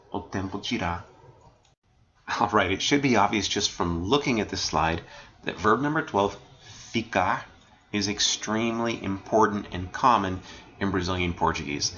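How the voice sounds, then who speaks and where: A man's voice: deep voice, sharp tone, muffled recording. A man teaching a recorded slide lesson, explaining phrases one by one and asking "right?" after nearly every line. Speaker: language teacher.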